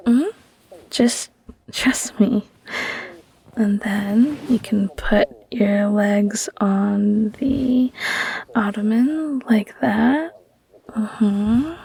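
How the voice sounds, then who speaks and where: A woman's voice: fairly high pitch, gravelly, mellow, breathy edge. A young adult woman doing whispered role-play as a caring, teasing girlfriend comforting a sick partner. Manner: tender, teasing, giggly girlfriend talk. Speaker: audio role-play performer.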